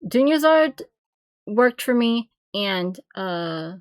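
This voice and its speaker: A woman's voice: on the high side, very animated, very slow, no room sound. A woman streamer giving blunt, rambling reaction commentary, often laughing and cutting herself off. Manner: blunt, opinionated. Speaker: streamer reacting to game trailers.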